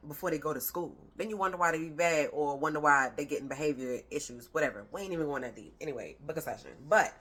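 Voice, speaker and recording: A woman's voice: low voice, a bit bright. A woman parenting coach giving a casual, conversational talk to camera, emphatic and slangy, with playful rhyming asides.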